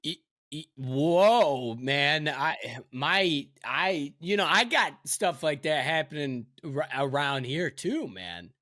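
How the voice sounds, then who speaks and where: A man co-hosting a podcast, chatting casually, joking and stammering through deadpan bits. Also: on the high side, slow pace, few pauses, dry recording, studio quality. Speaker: podcast co-host. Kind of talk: casual chat.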